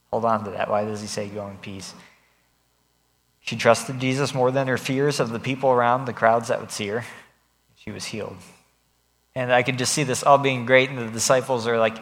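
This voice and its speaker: A young man reading scripture and then preaching in a relaxed, conversational way, retelling the story in everyday speech. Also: medium pitch, moderate pace. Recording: long reverb of a hall.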